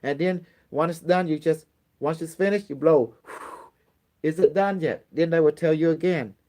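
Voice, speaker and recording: Man, spiritual teacher, slightly high voice, casual, blunt, repetitive, swears freely, pleading when acting out prayers. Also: normal speed, dark tone. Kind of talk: casual spoken teaching to a small group.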